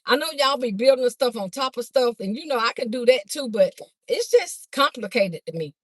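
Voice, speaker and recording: A woman chatting fast on a phone livestream to her viewers, a bit out of breath as she walks from a car through a garage into a house. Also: a little high, sing-song, breathy edge, dry recording. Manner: chatty, talks fast to viewers, calls them "y'all". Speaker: livestream host and vendor. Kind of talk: casual livestream chat to viewers. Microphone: phone held by hand.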